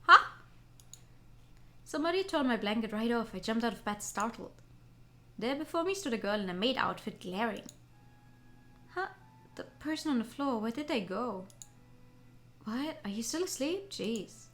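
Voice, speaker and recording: A woman on a gaming stream, reading a visual novel aloud with excitable, giggly reactions. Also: on the high side, normal speed, long pauses. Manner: excitable, giggly, swears casually.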